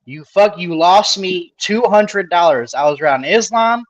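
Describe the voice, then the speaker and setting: A man's voice: sits high, expressive, measured pace, dry recording, low-quality recording. Angry swearing man, sports podcast. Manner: angry, profane outbursts. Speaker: podcast co-host. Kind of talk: casual sports chat.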